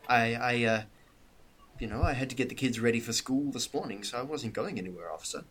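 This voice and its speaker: A man's voice: mid-range voice, brisk, fairly bright tone, husky. A man voicing a flustered woman questioned by police, drifting between Southern and New York American accents. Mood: defensive. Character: flustered woman in her apartment.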